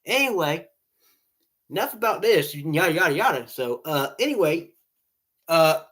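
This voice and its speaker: A man's voice: a little high, big pitch swings, moderate pace, long pauses, fairly bright tone, slightly rough. A man telling rambling casual stories and jokes to online friends, often tacking on "all right?" and laughing at his own tales.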